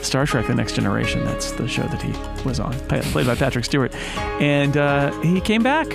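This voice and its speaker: Chatty gravelly male podcast host. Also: medium pitch, expressive, brisk, loud music behind the voice. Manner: chatty, self-correcting, laughs easily. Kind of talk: casual panel podcast chat.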